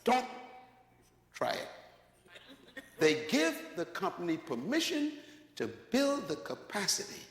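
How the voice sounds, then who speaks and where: A man's voice: high voice, wildly swooping pitch, takes it slowly, gravelly, pauses often. A man preaching a sermon, telling a story dramatically and acting out the dialogue. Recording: echoey hall, long reverb.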